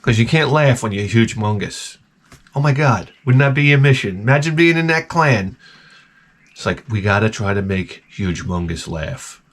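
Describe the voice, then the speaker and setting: A man's voice: lowish voice, animated, normal speed. A middle-aged man ranting sarcastically through a casual story, mimicking the people in it. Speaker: vlogger.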